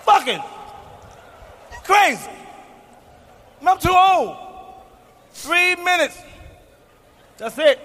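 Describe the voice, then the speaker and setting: A man in his forties works a live crowd with a profane, boastful stand-up routine. His voice sits very high and swings widely, and he shouts his punchlines. The recording carries a long hall reverb and a faint hiss. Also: lively intonation, a little slow, pauses often. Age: 40s. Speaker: stand-up comedian. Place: comedy stage before a live audience.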